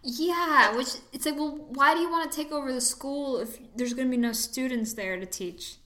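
A woman co-hosting a casual film review chat, talking in a loose, chatty way with lots of fillers. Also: moderate pace. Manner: chatty, lots of fillers, animated swings in pitch. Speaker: podcast co-host reviewing a film. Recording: echoey room.

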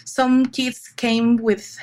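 Brief: middle-aged woman, higher-pitched voice, animated storyteller, photographer in a chatty interview. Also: very slow. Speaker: fine art children's photographer. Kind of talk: conversational interview.

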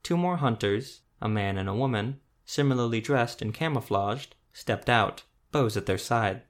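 A man reading a fantasy story aloud as narrator, in a steady, even manner. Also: medium pitch, normal speed. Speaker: audiobook narrator. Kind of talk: scripted narration.

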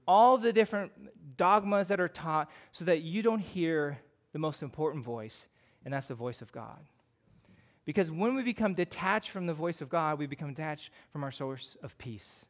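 A man with a Midwestern American accent preaching a sermon in a conversational way, often using fillers and asking rhetorical questions. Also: fairly high pitch. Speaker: pastor.

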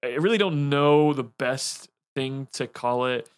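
A man's voice: mid-range voice, a little slow, clean tone, dry recording. A man, a pastor co-hosting a church podcast, talking casually with frequent ums, restarts and dry humor. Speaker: lead pastor, podcast co-host. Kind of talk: casual chat.

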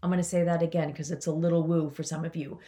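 A woman's voice: deep voice, level tone, fast, warm tone. A woman hosting a motivational podcast, talking to her listeners in an enthusiastic, chatty way. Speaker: podcast host and coach.

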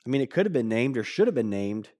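A man's voice: mid-range voice, very animated, fast, dark tone. A man preaching a sermon in a conversational way, often asking "right?" and joking with the congregation. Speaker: pastor.

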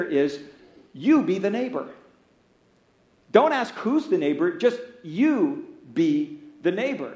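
High-voiced male pastor preaching. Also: a little mellow, roomy sound. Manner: earnest, repeats key phrases for emphasis. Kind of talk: sermon. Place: church sanctuary.

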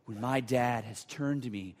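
A man preaching a sermon as pastor, earnest and building to emphatic points before turning hushed and prayerful. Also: mid-range voice, normal speed, long reverb tail.

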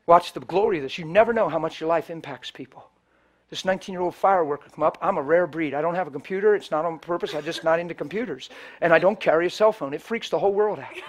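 High-voiced man preaching, loud to hushed. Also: fast. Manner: swings from loud preaching to hushed, near-whispered storytelling; acts out the people in his stories in quoted voices. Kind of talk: storytelling sermon.

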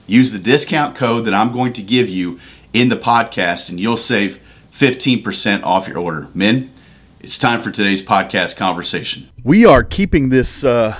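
A man's voice: medium pitch, dry recording, clean studio sound. A man hosting a devotional podcast. He talks conversationally and builds into emphatic, preacherly bursts. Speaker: podcast host.

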